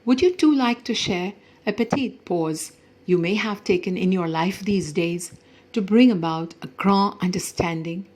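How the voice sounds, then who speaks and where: A woman telling a short story in a gentle, measured and reflective way. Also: medium pitch, slight background noise, poor audio. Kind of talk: storytelling to camera.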